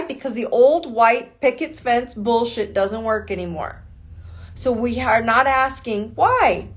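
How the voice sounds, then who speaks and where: A woman life coach giving a blunt motivational talk on a live call, swearing and firing off rhetorical why questions. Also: sits high.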